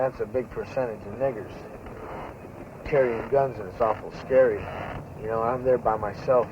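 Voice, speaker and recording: An actor playing a pushy young greaser, talking in a crude, slangy, rambling way in naturalistic 1970s film style. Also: male voice, medium pitch, natural voice. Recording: dull lo-fi 1970s film sound with hiss.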